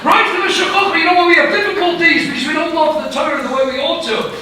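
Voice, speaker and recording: A man's voice: very high voice, fast, pushed and bright. A man, a rabbi, giving a storytelling Torah lecture full of Hebrew and Yiddish terms. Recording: echoey hall, speaker far from mic, faint noise.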